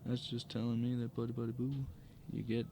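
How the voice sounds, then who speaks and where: A man reads a solo tabletop adventure aloud quickly and in a monotone, his medium-pitched voice gravelly against a noisy background. He frequently trips over words, rereads them, and corrects himself.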